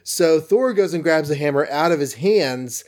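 A man casually recapping a comic book story in an animated, rambling way. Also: a little high, moderate pace.

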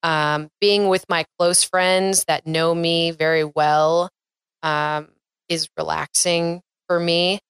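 A woman's voice: lowish voice, flat delivery, slow, a bit bright, clean tone, no room sound. A young adult woman, a guest in a casual conversation, talking in an upbeat way and often backing the host with "mm-hmm". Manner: upbeat, frequent "mm-hmm" backchannels.

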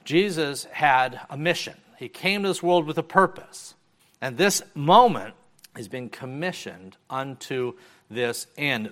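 Man, pastor, sermon, slightly high voice, rhetorical questions, emphatic then hushed. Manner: rhetorical questions, emphatic rises and soft drops. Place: church.

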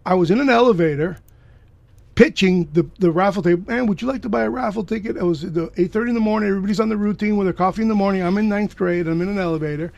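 A man from Miami, a guest telling a personal story with emphatic bursts of loud excitement. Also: high-pitched, very fast, no echo, highs cut off.

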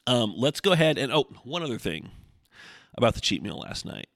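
A man's voice: medium pitch, big pitch swings, fairly quick, vocal fry, a bit bright, no echo, studio quality. A man in his thirties hosting his own podcast, telling stories in a chatty, profane, exasperated way with a throaty voice. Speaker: podcast host. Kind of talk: casual solo podcast monologue.

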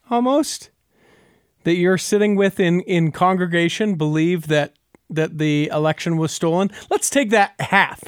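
A man hosting a chatty podcast, speaking a little higher than most men. The sound is close and dry, with no room around it. He reasons aloud step by step and fills his pauses with "uh" and "you know.". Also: no echo. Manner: talks things through step by step, with many filler words. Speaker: podcast host. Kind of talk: casual podcast chat.

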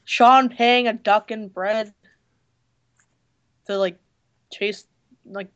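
A woman co-hosting a casual movie review chat, hoarse from losing her voice, blunt and hesitant with many fillers. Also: medium pitch, fairly even intonation, extremely slow, a bit bright, highs cut off. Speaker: podcast co-host reviewing a movie.

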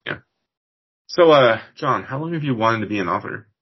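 This podcast host from Washington, United States has a husky mid-range voice with lively intonation, speaking at normal speed on a muffled recording. He keeps the interview chat casual, rambling a little amid many fillers.

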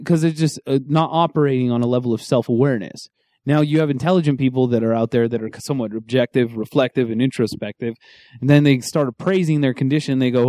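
Male co-host, casual chat; rambling, animated delivery, dry studio sound. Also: medium pitch, fast talker, no echo. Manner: rambling, animated storytelling with self-corrections. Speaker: podcast co-host.

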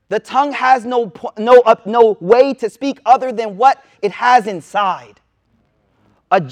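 High-voiced man preaching casually. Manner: casual, slangy storytelling with lively asides. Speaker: Islamic teacher. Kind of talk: informal sermon to a live audience. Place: room with a seated audience.

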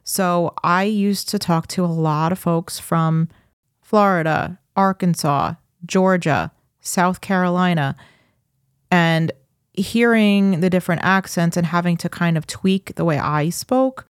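Softened New York woman, dry close sound. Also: lowish voice, slow, clear, resonant tone, no echo. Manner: chatty, thinks aloud with restarts. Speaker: podcast co-host. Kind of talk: casual chat.

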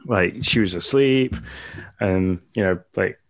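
Low-voiced man in a dry, close recording. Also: takes it slowly, no echo. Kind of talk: casual chat.

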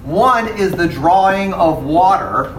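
A man giving a relaxed Bible lesson, talking conversationally and pausing to check in with his class. His voice sits a little high for a man. Faint background noise lies under his speech. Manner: conversational, checks in with "okay?" and "right?". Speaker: Bible teacher. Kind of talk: casual classroom lecture.

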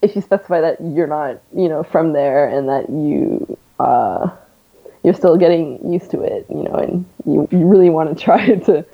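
A woman's voice: sits low, moderate pace, creaky. A young Canadian woman with a North American accent, chatting casually as an interview guest and laughing often between fillers. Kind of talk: casual conversation. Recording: tinny phone-like line.

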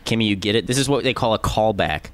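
A man's voice: on the low side, fast talker, no room sound. A man co-hosting a podcast in casual chat, joking in a mock-serious way. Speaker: podcast co-host.

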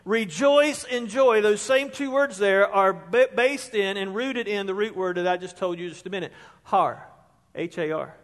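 A man's voice: sits high, moderate pace. A man preaching a sermon as pastor, reading scripture aloud and pressing hard on key words. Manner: emphatic, rising to stress key words. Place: church sanctuary. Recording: long reverb of a church hall.

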